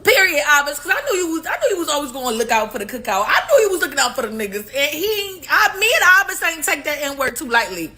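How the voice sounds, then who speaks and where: Middle-aged woman host, casual livestream chatter, lively and profane, bright tone. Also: sits high, fast, hardly any pauses. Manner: animated, profane, swearing and slangy. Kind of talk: casual live-stream commentary.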